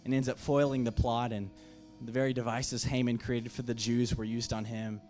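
A man's voice: medium pitch, level tone, moderate pace, a little mellow, faint music behind. A man preaching a sermon as pastor, impassioned, with emphatic repeated phrases.

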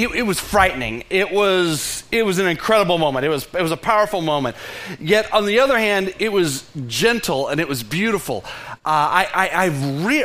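A man's voice: sits high, a bit bright. A man preaching a sermon as pastor, earnest, with frequent restarts and sudden drops to a near whisper. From Texas.

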